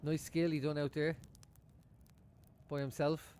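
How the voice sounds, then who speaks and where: A man's voice: a little high, level tone, a little slow, a little mellow, a little hiss or hum. Chatty man streaming a match. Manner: chatty, swears freely, laughs often. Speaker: football streamer. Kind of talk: live match watchalong chat. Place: room at home.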